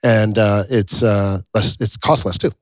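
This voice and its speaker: Relaxed, chatty male podcast host. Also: lowish voice, measured pace, dry recording. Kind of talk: casual chat.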